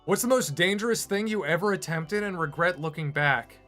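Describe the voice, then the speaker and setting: A man's voice: high voice, a little fast, fairly bright tone, soft background music. A man who animates online, chatting casually on a livestream in a rambling, self-deprecating way. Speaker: streamer and animator.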